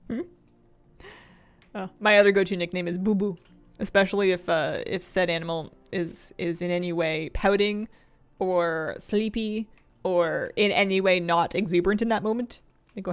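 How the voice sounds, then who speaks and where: A woman's voice: medium pitch, normal speed. Playful woman chatting while gaming. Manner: rambling and playful, laughs often, answers chat. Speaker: game streamer. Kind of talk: casual live-stream gameplay chat.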